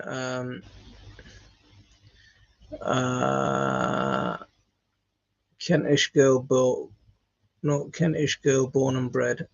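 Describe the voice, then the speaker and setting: A man's voice: medium pitch, wildly swooping pitch, slow, gravelly, pauses often, lo-fi sound. A tired man hosting a live stream, chatting casually and hesitantly with many ums and restarts while he answers viewer comments.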